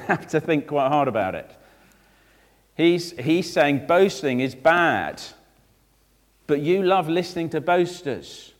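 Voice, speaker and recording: A man's voice: mid-range voice, big-room sound. A man, a vicar, preaching a sermon with rhetorical questions and direct asides to children.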